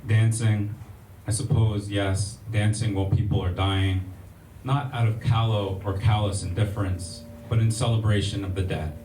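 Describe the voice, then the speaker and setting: An American man giving a poetry reading at a library event, reciting in a measured, rhythmic way with casual asides to the audience. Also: lowish voice, fairly even intonation, mellow. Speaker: poet. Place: public library event room. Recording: echoey room, distant mic, faint ambient noise.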